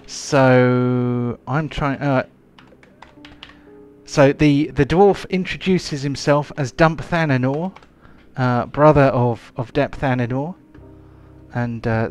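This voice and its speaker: A man's voice: medium pitch, slow pace, clean tone, faint music behind. A man narrating as game master of a tabletop game, rambling with many fillers.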